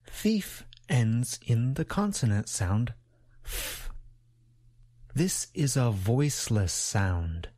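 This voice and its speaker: Male ESL teacher, very slow and deliberate delivery, animated pitch. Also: no echo. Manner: slow, carefully enunciated, drills sounds for repetition. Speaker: pronunciation teacher. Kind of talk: slow scripted lesson.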